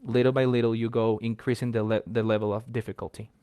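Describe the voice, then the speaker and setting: A man's voice: medium pitch, level tone, fast, mellow, smooth. A man teaches English in a patient, step-by-step way. He explains with everyday examples. His voice sounds dry and close, with little room echo. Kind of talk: casual explanatory chat.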